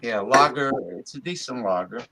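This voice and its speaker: A man's voice: mid-range voice, moderate pace, over a noisy crowd, rough recording. A man co-hosting a casual podcast, talking in an easygoing way and often repeating himself. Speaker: podcast co-host. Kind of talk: casual chat.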